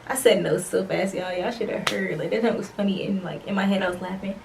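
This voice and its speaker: A young woman vlogger telling a storytime tale casually, acting out the dialogue with slangy, animated delivery. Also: mid-range voice, fast talker, gravelly, far from the mic, very noisy.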